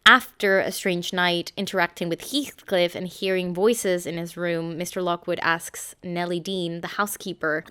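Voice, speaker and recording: Young woman, scripted book review, low smooth voice, measured and steady.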